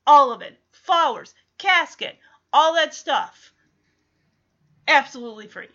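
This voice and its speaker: A woman's voice: sits high, lively intonation, slow, bright, forceful tone, lo-fi sound, full character voice. A woman doing a pushy, boastful small-town doctor.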